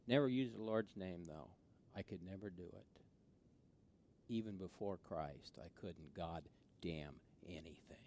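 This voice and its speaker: Man preaching with hushed asides and loud peaks. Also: sits low, a little slow, a little hiss or hum. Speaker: pastor. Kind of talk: sermon.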